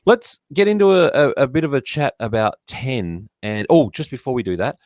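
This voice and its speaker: A man's voice: medium pitch, sing-song, moderate pace, a little mellow, no echo, clean studio sound. An Australian man hosting a casual live-stream chat, talkative and often laughing. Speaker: host.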